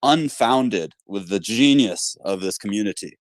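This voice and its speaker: A man's voice: fairly low pitch, expressive, measured pace, no echo. A man hosting a publishing podcast who speaks in an upbeat, encouraging way. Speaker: podcast host. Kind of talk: casual chat.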